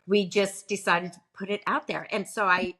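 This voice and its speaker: Middle-aged woman, pastor, husky voice, mid pitch, animated storyteller, laughs a lot. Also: normal speed. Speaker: pastor and podcast guest. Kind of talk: casual interview chat.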